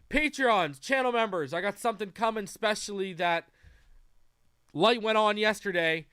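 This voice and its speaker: Chatty male livestream host, smooth voice. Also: a little high, fairly bright tone, no room sound, studio quality. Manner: loose and chatty, greets viewers by name; frequent fillers and restarts. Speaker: podcast host. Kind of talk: casual livestream chat.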